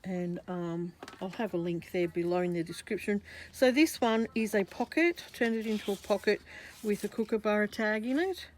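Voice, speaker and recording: A woman's voice: medium pitch, moderate pace, a little mellow, slight background noise. A woman with an Australian accent, chatting casually through a craft journal flip-through, meandering and often correcting herself. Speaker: craft vlogger.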